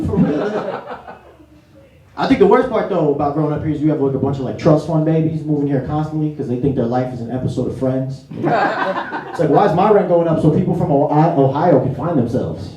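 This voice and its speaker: A young stand-up comedian from New talks with a lively, swooping pitch. He tags his lines with "you know?" and slips into quoted voices. He is heard from a distance in an echoey little club, with the crowd laughing loudly. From New York City. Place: small indie comedy club, indoors. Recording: roomy club audio from a distance with audience laughter.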